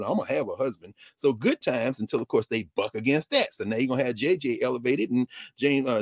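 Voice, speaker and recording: A man talking in an animated, digressive way in a conversation, often jumping up and down in pitch. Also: dry recording, clean studio sound. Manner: lively, digressive, quick shifts between high and low pitch. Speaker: guest.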